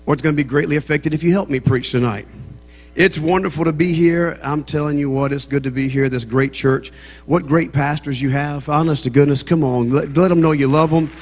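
A man with a Southern American accent, preaching as a guest speaker in a church, joking with the congregation before building into fervent preaching. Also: on the high side. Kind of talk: humorous sermon opening. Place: church sanctuary. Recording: long church reverb.

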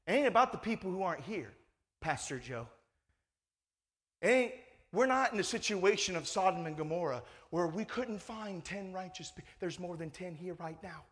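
A man's voice: high voice, lively intonation, moderate pace, fairly bright tone. A male pastor preaching a sermon in a conversational, emphatic way, full of rhetorical questions.

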